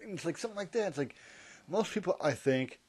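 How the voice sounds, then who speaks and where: A man's voice: on the high side, expressive, fairly quick, breathy edge. A man rambling through a comedic monologue, interrupting and correcting himself as he goes. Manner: rambling, hypothetical, self-interrupting. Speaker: vlogger.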